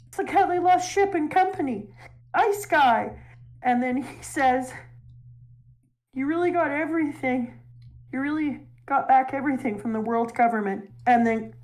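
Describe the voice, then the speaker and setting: High-voiced woman retelling a story excitedly. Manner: animated, emotional retelling with laughs. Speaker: guest recapping a story arc. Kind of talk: casual chat.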